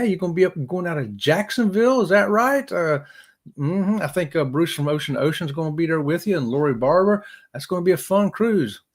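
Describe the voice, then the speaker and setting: A man with a slightly high, husky voice hosts a live stream. He chats casually with viewers, reading their comments in an upbeat, joking, folksy way.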